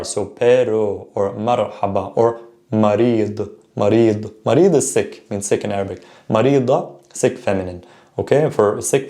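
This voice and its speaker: A man teaching a casual spoken lesson, stopping often to say example words slowly and correct himself. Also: lowish voice, a little mellow. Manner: repeats words slowly to model pronunciation; self-correcting, informal. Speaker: language teacher.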